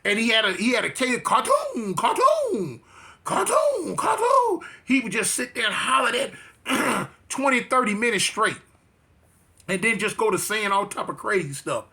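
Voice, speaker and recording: Bright high-voiced man telling a story. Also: normal speed, gravelly. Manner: streetwise slang, repetitive restarts, emphatic. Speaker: interview guest. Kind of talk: casual storytelling.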